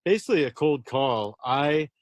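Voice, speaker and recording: A man's voice: fairly high pitch, expressive, normal speed, no room sound. A man, a horror novelist, talking earnestly and at length in a casual interview, often restarting his words.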